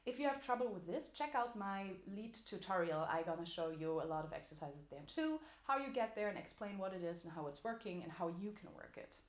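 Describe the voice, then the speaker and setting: A woman's voice: mid-range voice, lively intonation, brisk, hardly any pauses. A woman teaching a singing lesson as a vocal coach, explaining technique in an encouraging way. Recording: echoey room.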